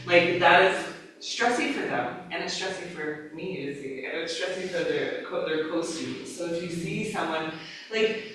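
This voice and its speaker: Lively woman teaching yoga in an echoey studio. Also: fairly low pitch, slight background noise. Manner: casual, lively, acts out cues, laughs often. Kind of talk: live teacher-training class talk. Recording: echoey room, mic far off.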